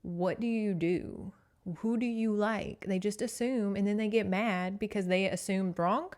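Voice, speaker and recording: A woman's voice: medium pitch, steady tone, a little slow, a little mellow. A woman hosting a podcast, casually recapping a novel with sass and swearing. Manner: chatty, sassy, swears freely. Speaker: podcast host.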